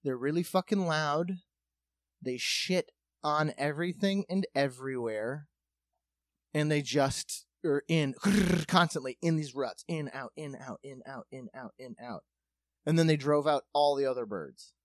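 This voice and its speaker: A man's voice: on the high side, measured pace, no room sound. Profane storytelling man, dry close mic. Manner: profane, animated, acts out quotes. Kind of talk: casual comedic storytelling.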